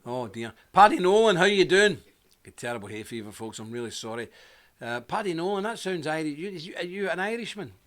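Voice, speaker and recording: A man's voice: a little high, very animated, brisk, a bit bright. A man hosting a live stream, telling a rambling anecdote and greeting viewers by name in a casual, chatty way.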